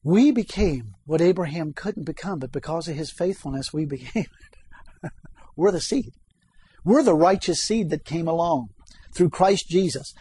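A man's voice: sits high, a little mellow, husky. A man preaching a sermon, reading scripture aloud and asking the congregation questions.

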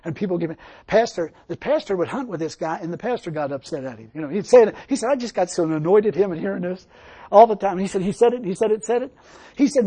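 Man preaching, high voice, husky, emphatic storyteller. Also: warm tone. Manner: storytelling, emphatic, laughs often. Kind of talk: sermon.

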